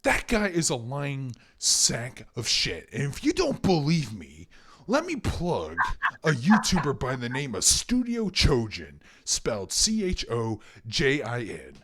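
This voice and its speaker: A man's voice: mid-range voice, huge pitch swings, unhurried, background noise. A young man on a podcast, ranting in profane, emphatic casual talk. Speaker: podcast co-host.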